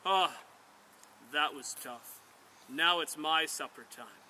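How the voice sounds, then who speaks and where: A man voicing a huge, tireless male demon servant who loudly demands tasks, in a spoken campfire tale. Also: takes it slowly, a little hiss or hum, heavily acted. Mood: gloating. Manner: booming and forceful, demanding tasks. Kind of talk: storytelling around camp.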